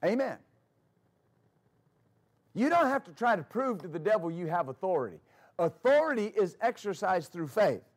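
A man preaching a sermon as pastor, with emphatic repetition and storytelling asides. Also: high voice.

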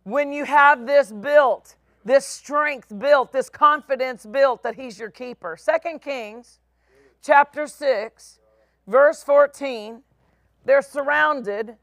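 A middle-aged woman pastor preaching a sermon, with emphatic, drawn-out phrases and voices for the people in her stories. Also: high-pitched, fairly bright tone, dry recording, clean studio sound.

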